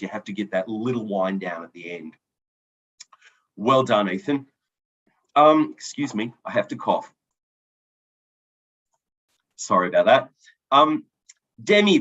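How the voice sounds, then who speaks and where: A man's voice: mid-range voice, fairly bright tone. A man adjudicating a debate final, giving encouraging feedback to each speaker with frequent ums and restarts. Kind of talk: spoken feedback and results announcement. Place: event hall. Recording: dull lo-fi recording.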